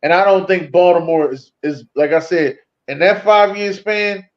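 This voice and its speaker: High-voiced excitable man on a dull line. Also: moderate pace. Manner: excitable, profane, laughs easily. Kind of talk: casual sports chat.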